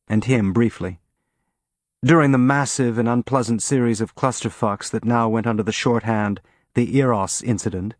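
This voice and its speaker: A man reads a science-fiction audiobook in a steady, even voice pitched in the middle of the male range. The recording is close and dry, with no room sound. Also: no echo. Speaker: audiobook narrator. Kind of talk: scripted narration.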